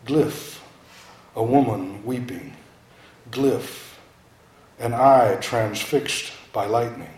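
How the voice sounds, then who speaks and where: A man reading poetry aloud in a slow, incantatory, dramatic way. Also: medium pitch, a little mellow. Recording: roomy echo.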